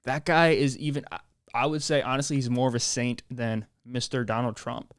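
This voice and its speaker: A young man hosting a solo podcast, rambling in deadpan sarcasm and laughing at his own jokes. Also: medium pitch, normal speed, smooth, no room sound, studio quality. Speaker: podcast host.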